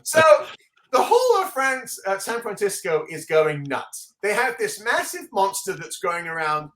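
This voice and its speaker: A man hosting a casual comic book podcast, excitedly walking through the pages and laughing often. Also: high-pitched, a little slow. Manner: excitable, laughing often, reads dialogue aloud. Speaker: comic book show host. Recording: echoey room.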